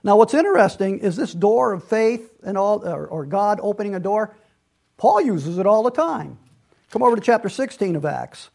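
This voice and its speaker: In sermon-style Bible teaching, a man speaks earnestly and conversationally, frequently restarting his sentences and tossing in asides. His high voice is sing-song and a little mellow, with vocal fry, at a moderate pace.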